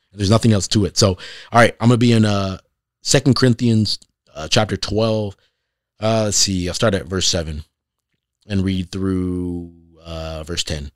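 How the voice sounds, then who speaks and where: A man's voice: deep voice, no room sound, clean studio sound. A man hosting a podcast, giving a casual faith talk and reading scripture, conversational and often asking "right?" for emphasis. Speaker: podcast host.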